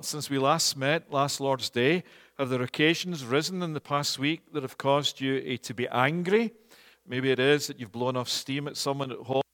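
A man preaching a sermon in a church, measured and earnest, often pausing on "eh". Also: mid-range voice, a bit bright, in a large hall. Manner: measured and earnest, with frequent "eh" fillers. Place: church, also streamed online.

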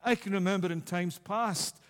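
High-voiced preacher in a reverberant hall. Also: male voice, moderate pace, a bit bright. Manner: earnest preaching, repeats key phrases for emphasis. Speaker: pastor. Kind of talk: communion sermon.

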